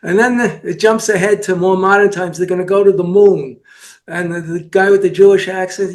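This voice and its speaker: High-voiced man telling anecdotes. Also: normal speed. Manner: anecdotal, lists names, retells old jokes. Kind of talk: casual chat.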